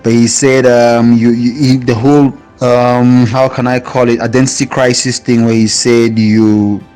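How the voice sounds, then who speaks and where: Man, casual review commentary, flat delivery, rambling with fillers, faint background music. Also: mid-range voice, clean tone. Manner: rambling, halting with many fillers and restarts.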